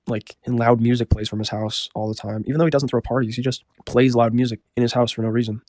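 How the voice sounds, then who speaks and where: A man casually telling a story, rambling with lots of filler words and a deadpan delivery. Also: mid-range voice, fast, no room sound, clean studio sound.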